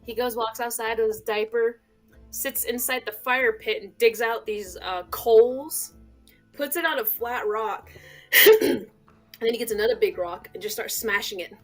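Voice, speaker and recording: A woman's voice: fairly high pitch, a little slow, a bit bright, soft background music. A young adult woman chatting casually as a co-host and telling stories with plenty of fillers, on a home computer mic. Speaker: podcast co-host. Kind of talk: casual chat.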